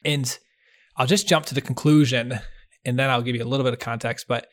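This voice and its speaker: Male podcast co-host, mid-pitched voice, earnest and heartfelt, casual storytelling over a video call. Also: fairly even intonation, brisk. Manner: earnest, heartfelt storytelling with restarts and soft laughs. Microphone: video call setup.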